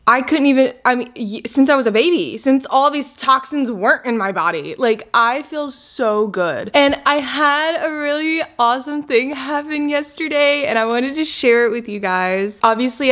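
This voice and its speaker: Chatty, excitable young woman vlogger. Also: fairly high pitch. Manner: chatty and rambling, excitable and emotional. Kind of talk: casual diet vlog chat.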